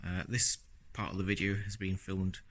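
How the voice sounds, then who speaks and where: A man talking casually through his car-repair video diary on a handheld phone camera, relaxed and rambling with lots of fillers. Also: sits low, normal speed. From Scotland.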